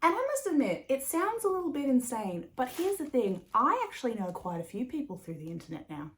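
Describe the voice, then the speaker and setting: A woman's voice: high-pitched, big pitch swings, fairly quick. A woman hosting a knitting podcast in a casual, rambling chat, laughing often and swearing now and then. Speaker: podcast host.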